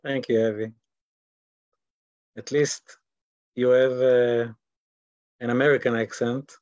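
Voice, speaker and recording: Israeli male teacher on a video call, slow and dry, muffled lo-fi sound, often restarts sentences. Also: mid-range voice, level tone, a little mellow, no room sound. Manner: halting, repeats words while searching for English. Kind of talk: online class lecture.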